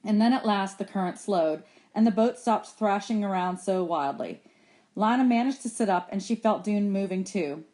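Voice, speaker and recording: Expressive woman reading a chapter aloud. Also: moderate pace. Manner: expressive reading that voices characters in raised pitch. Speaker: teacher reading aloud to students.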